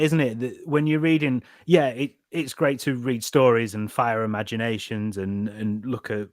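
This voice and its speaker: A man's voice: mid-range voice, steady tone, moderate pace, hardly any pauses, dry recording. A man in easygoing podcast conversation, chatty and self-mocking as he tells stories about home life. His voice sits in the middle range, and the recording is close and dry with no room sound. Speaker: podcast co-host. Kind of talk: casual chat.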